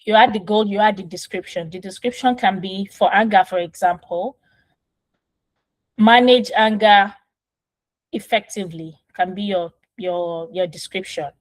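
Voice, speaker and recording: A woman's voice: mid-range voice, a little slow, dry recording, rough recording. Woman, parenting coach, casual instructive talk, patient and step-by-step, phone mic in a dead-dry room. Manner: patient, step-by-step explaining with frequent "right?".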